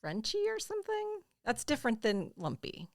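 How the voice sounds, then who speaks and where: A woman from the American South co-hosting a podcast, telling stories in a relaxed, casual way. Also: fairly high pitch, moderate pace, no echo, clean studio sound. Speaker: podcast co-host. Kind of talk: casual chat.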